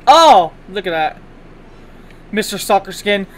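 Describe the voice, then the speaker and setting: Excitable taunting young gamer guy. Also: high voice, moderate pace. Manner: excitable, taunting, bursts into yells. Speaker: gaming YouTuber. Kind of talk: live gameplay commentary.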